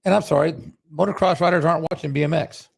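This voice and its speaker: Gravelly, husky man cracking dry jokes. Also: on the high side, quick pace. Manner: dry, wisecracking interjections. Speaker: podcast co-host. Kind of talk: casual chat.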